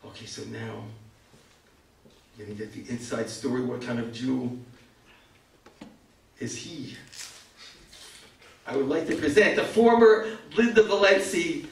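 An older American man telling a humorous story at a community evening, self-mocking and animated, acting out other people's lines. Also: mid-range voice, measured pace, gravelly, pauses often. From United States. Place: event hall. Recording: echoey hall, far from the mic.

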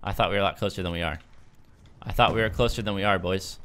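Young man, gameplay commentary, excitable, sharp bright tone, desk mic. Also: low voice, fast, slight background noise. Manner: excitable, yelps and laughs when things go wrong. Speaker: gaming YouTuber. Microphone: desk microphone at a gaming setup.

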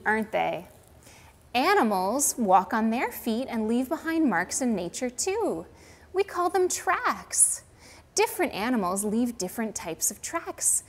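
Canadian woman educator, fairly high, very lively, reads storybook to preschoolers. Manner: slow, sing-song, asks kids questions. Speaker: museum children's educator. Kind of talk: storybook reading and lesson for small kids.

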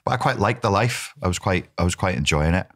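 Middle-aged man, Wirral accent, very low voice, lively anecdotal podcast guest. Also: quick pace. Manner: animated, swears, does voices for others. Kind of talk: casual storytelling interview.

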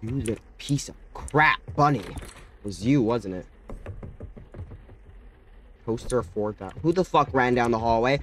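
A young man hosting a horror game let's-play, muttering low and bursting into screamed, profane threats. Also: unhurried, long pauses, a bit bright. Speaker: gaming channel host.

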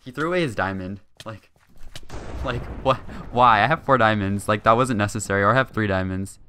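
A young man talking through his own game session in a chatty, hyper way, full of ums and quick laughs. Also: lowish voice, bright, forceful tone, a little hiss or hum. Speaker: gaming channel host. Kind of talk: gameplay commentary.

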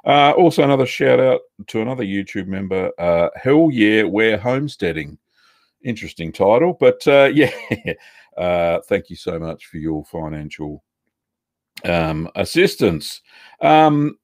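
Gravelly Australian man hosting a livestream. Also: on the low side, darkish tone, no echo, studio quality. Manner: chatty, many ums and uhs, greets viewers by name. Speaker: host of a live cheesemaking Q&A stream. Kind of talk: casual live-stream chat.

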